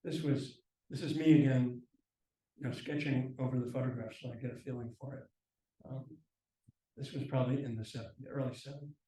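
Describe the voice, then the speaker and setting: A man giving a slideshow lecture at a university, relaxed and halting, with frequent ums and restarts. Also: mid-range voice. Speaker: guest lecturer. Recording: echoey lecture room from far off.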